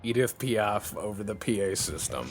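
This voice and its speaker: A man's voice: lowish voice, lively intonation, normal speed, faint music behind. A man giving joking, casual play-by-play commentary on a strategy game. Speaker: gameplay commentator.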